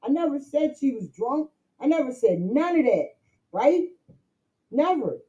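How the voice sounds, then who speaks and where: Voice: sits high, sing-song, measured pace, mellow, muffled recording. A livestreamer talking casually to chat, rambling and repeating points while addressing viewers directly.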